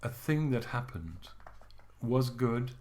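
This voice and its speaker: An older man co-hosting a podcast, reminiscing in a relaxed, halting way with gentle humour. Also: mid-range voice. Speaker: podcast co-host. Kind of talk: reflective casual chat.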